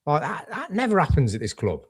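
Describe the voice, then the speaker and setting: A man co-hosting a casual football podcast, excitable and matey, calling people "mate". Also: on the high side, brisk, breathy edge, no room sound, studio quality. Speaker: podcast co-host.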